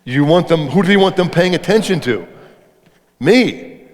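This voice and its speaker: A man's voice: on the high side, animated, moderate pace. A middle-aged man speaking on leadership at a live event, talking conversationally and putting questions to the audience. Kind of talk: interactive live talk to an audience. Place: event hall before an audience. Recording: reverberant hall.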